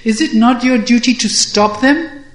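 Young cowherd hero, bashful and blustering, voiced by the narrator; slow, roomy sound. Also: mid-range voice, close to an everyday voice. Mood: flustered. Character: playful young cowherd hero, flustered, mock-angry. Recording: roomy echo.

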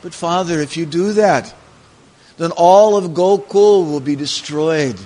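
A man's voice: fairly high pitch, unhurried, warm tone, voice pushed up, close to an everyday voice. A man voicing Krishna, an earnest, reassuring youthful divine son, in a devotional story retelling. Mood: pleading.

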